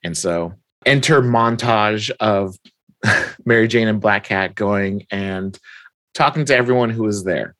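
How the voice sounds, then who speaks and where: A man's voice: fairly low pitch, unhurried, fairly bright tone, no echo. A man in casual chat, animatedly retelling a story and quoting its characters, laughing often. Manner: quotes characters in his own voice, laughs often. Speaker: podcast co-host recapping a story.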